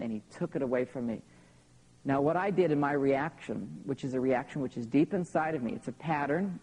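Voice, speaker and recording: A man's voice: mid-range voice, gravelly, a little mellow, poor audio. A man in his thirties tells personal stories in a live seminar talk to an audience, often checking in with "okay?". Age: 30s. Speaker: seminar speaker.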